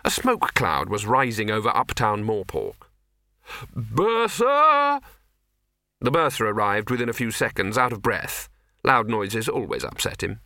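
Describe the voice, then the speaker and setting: A man narrating a comic fantasy audiobook as an expressive storyteller. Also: fairly low pitch, normal speed, no echo, clean studio sound. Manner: expressive storyteller voicing many characters.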